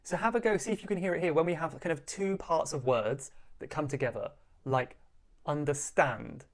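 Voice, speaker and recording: Low-voiced teacher modelling word stress. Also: female voice, animated. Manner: modelling words slowly and repeating them. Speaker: English teacher. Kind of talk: pronunciation lesson clip.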